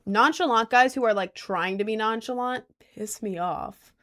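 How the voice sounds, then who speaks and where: Speaking at a normal pace in a fairly high, fairly bright voice, a late-teen girl with headphones and a mic rambles chattily to her viewers. She fills her talk with "like" and laughs at herself.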